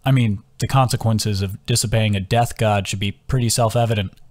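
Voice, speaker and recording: A man's voice: lowish voice, fairly even intonation, fairly quick, close to an everyday voice. A man voicing a weary young male fighter with a dry, understated manner.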